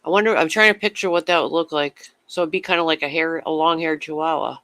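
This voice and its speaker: Bright-voiced man rambling on a livestream. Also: on the high side, fairly even intonation, fast, clear, resonant tone, no echo. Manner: rambling, swears casually, chats with viewers. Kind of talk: casual livestream chat.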